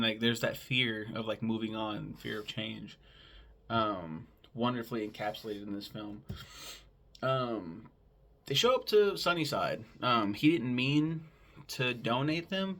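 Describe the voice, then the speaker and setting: A man's voice: mid-range voice, fairly bright tone. A man casually recapping a movie plot in a rambling way, with lots of filler words and swearing. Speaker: film podcast host.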